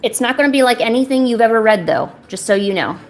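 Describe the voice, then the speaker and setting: A woman's voice: a little high, animated, fast talker, soft background music. Rambling self-deprecating young woman streamer. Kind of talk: casual chat while drawing.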